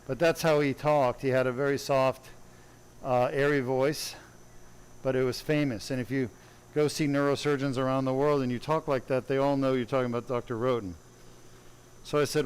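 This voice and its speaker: A man's voice: medium pitch, normal speed, smooth, low-quality recording. A man, a neurosurgeon, telling a long anecdote on a livestream in a conversational, digressive way. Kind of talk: storytelling on a livestream.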